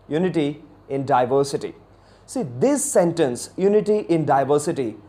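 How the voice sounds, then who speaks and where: A man's voice: on the high side, dark tone. A man from India with an Indian English accent, hosting an educational video on accents in an earnest way and often correcting himself. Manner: earnest, repetitive, self-correcting with "I mean". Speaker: English communication teacher and host.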